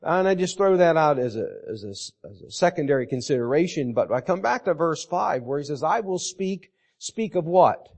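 A middle-aged man preaching a sermon on a Psalm, reading verses aloud and repeating key phrases slowly for emphasis. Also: a little high, sing-song, a little mellow. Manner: slow and deliberate, repeating scripture phrases for emphasis.

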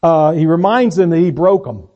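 A man preaching a sermon, swinging between loud slow emphasis and low quiet asides. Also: animated. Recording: dull lo-fi recording.

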